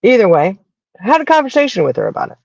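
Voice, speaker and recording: Chatty Southern woman, gravelly voice. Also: on the high side, sing-song, very fast, a little mellow, dry recording, lo-fi sound. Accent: Southern American. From American South. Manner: chatty storyteller, acts out quoted voices. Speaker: podcast host. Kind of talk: casual chat.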